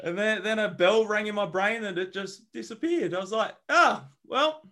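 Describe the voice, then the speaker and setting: Podcast guest, young man, bit higher voice, animated storyteller who swears a lot. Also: brisk. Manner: lively, swears freely, acts out quotes. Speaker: podcast guest, travel author. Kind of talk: casual storytelling.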